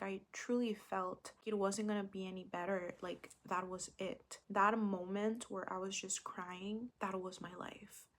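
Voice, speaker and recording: Young woman podcast host, earnest and confessional, slips into whispers a lot, mid pitch. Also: fairly bright tone. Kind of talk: reflective solo talk.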